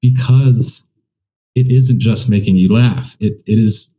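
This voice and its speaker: Male comedian guest, low and mellow, candid and rambling, dull lo-fi sound. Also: slow pace, slightly rough. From United States. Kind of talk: casual conversation.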